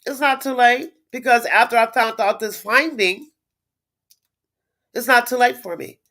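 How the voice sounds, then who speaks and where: A woman's voice: on the high side, unhurried, fairly bright tone. A middle-aged woman talking straight to her live viewers in a blunt, indignant way. She swears freely and doubles up words for emphasis. She stops now and then to read and answer comments. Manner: repeats words, reads viewer comments aloud. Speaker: livestream host. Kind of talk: casual live-stream chat.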